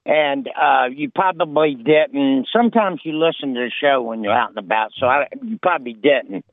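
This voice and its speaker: A man's voice: medium pitch, normal speed, dry recording. A man co-hosting a radio show, telling a funny story in casual banter and building to the punchline. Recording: phone-like, dry.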